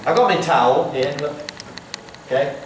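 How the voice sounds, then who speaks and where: A man's voice: on the high side, moderate pace, a little hiss or hum. A man telling stories to schoolchildren, chatty and full of playful asides. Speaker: visiting storyteller. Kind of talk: storytelling to schoolchildren. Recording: echoey hall from far off.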